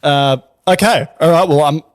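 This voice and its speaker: A man co-hosting a podcast, flustered and joking in casual banter, with a husky voice. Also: fairly high pitch, normal speed. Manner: flustered, joking, laughing often. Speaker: podcast co-host.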